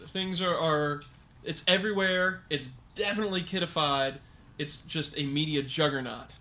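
A man co-hosting a casual chat about old toys and movies, nostalgic and quick to agree. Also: fairly high pitch, bright, forceful tone. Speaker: podcast co-host.

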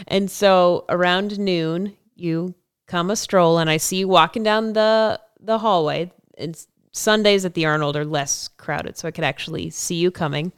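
A young woman co-hosting a podcast, telling a story in a relaxed, casual way and acting out the lines she quotes. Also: on the low side, normal speed, clear, resonant tone, no echo, clean studio sound. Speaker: podcast co-host.

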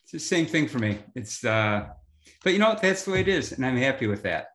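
A man who teaches high school history and coaches, talking in a relaxed, rambling way as a podcast guest. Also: a little fast, a little hiss or hum. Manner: relaxed, rambling, many fillers. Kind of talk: casual interview chat. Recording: roomy echo.

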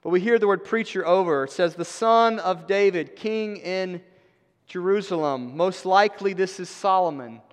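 A man's voice: sits high, normal speed. Man preaching in an echoing church. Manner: conversational, emphatic, wry asides. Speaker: pastor. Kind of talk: sermon. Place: church sanctuary. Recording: long hall reverb.

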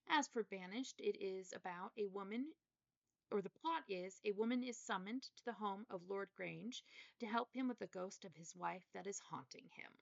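A woman co-hosts a casual book podcast, steering the talk with eager enthusiasm. Her voice has a gravelly fry to it. The recording is dry and dull, with a lo-fi sound. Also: mid-range voice, dry recording. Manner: enthusiastic, leads the discussion. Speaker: podcast co-host.

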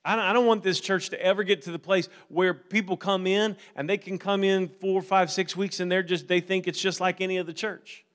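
High-voiced man preaching a sermon. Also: fairly even intonation, a little fast, few pauses, a bit bright. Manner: conversational, building to fervent preaching. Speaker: pastor.

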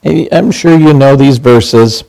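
A man's voice: medium pitch, takes it slowly, gravelly, dark tone. A man in his sixties preaching a sermon as pastor, conversational and humorous, acting out quoted lines.

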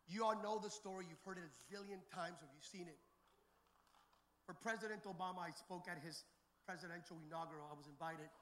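Middle-aged preacher, high and bright, storytelling sermon that rises to shouts. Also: male voice, fairly quick, slight background noise. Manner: emphatic preacher, rising to shouted calls; jokey asides to the crowd. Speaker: pastor.

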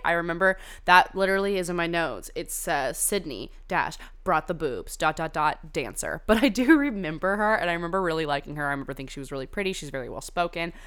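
A woman's voice: fairly low pitch, fairly bright tone, clear, resonant tone. Chatty, profane young woman gossiping. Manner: chatty, gossipy and profane, frequent "like" fillers and tangents. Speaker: podcast host reviewing a reality dating show. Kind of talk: casual chat.

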